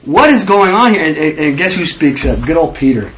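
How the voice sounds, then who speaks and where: A man preaching a conversational sermon, animated and acting out the disciples' questions in their voices. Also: fairly high pitch, a little fast, muffled recording, slight background noise.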